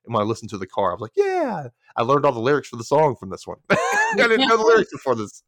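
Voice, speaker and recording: Here a podcast host talks rapid-fire with no room sound, casually going over an episode recap. He's animated, performing the characters' lines with big jumps in pitch.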